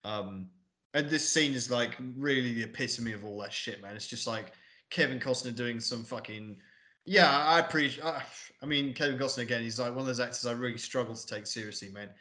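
A man's voice: mid-range voice, fairly quick, bright, forceful tone. A man hosting a film review podcast, chatting casually with lots of swearing and rambling asides. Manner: swearing, rambling, mocking impressions. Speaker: podcast host.

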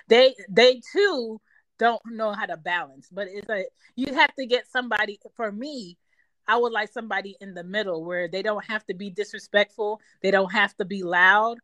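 A woman's voice: mid-range voice, normal speed, fairly bright tone, no room sound. A woman giving her opinions emphatically in a casual talk show. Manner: emphatic, self-assured.

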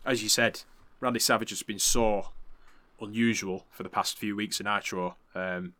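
A man's voice: lowish voice, fairly even intonation, normal speed, sharp tone, no echo. A man hosting a podcast, recapping events in a chatty, laughing way and swearing freely. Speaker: podcast host. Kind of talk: casual recap commentary.

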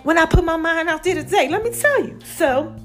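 A woman's voice: very high-pitched, lively intonation, fairly quick, a bit bright. A woman hosting a podcast, chatting casually and out of breath, calling her listeners y'all and child, with faint music behind. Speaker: podcast host.

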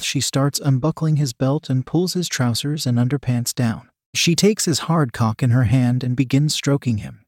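A man reading a story aloud in steady, even narration. His voice sits in the middle range, with no room sound around it. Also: mid-range voice, moderate pace, hardly any pauses, no echo, studio quality. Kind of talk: scripted narration.

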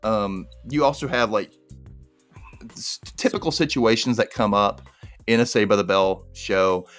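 A man co-hosting a podcast, casually reviewing a TV show as a lively storyteller. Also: lowish voice, unhurried, soft background music. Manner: lively storyteller, acts out quoted lines.

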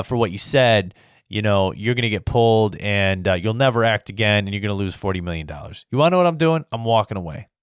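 A man's voice: medium pitch, dry recording, studio quality. A man from the United States delivering an angry, profane political rant that keeps circling back on itself. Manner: profane, repetitive, heated.

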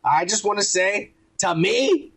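A man hosting a podcast in casual chat, retelling scenes in a profane, animated way. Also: sits high, a little slow, gravelly, breathy edge, rough recording. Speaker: podcast host.

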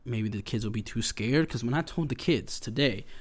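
Young male vlogger, mid-pitch, slangy and animated, sugar-high chatter. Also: normal speed. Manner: animated, slangy, laughs often. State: hyped up on sugar. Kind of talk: casual rambling monologue.

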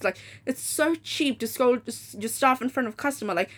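A woman talking into her podcast mic in a loose, chatty rant. She is blunt and swears freely, and she slips into quick impressions of the people in her story. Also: on the high side, expressive. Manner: blunt and profane, acting out quoted people. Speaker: podcast host.

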